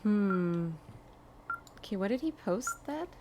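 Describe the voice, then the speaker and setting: Young woman, let's play host, casual gameplay chatter, thinks out loud, mid pitch, noisy background with clicks. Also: expressive, slow pace. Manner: chatty, reactive, thinks aloud.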